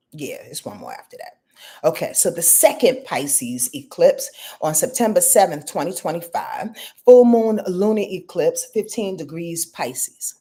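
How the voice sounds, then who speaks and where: A woman's voice: lowish voice, mellow, breathy edge. Blunt, profane woman giving a live astrology reading. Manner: blunt, profane and emphatic, calling viewers "y'all" and "boo-boo". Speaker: astrologer hosting a live stream. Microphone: webcam or phone on a live stream.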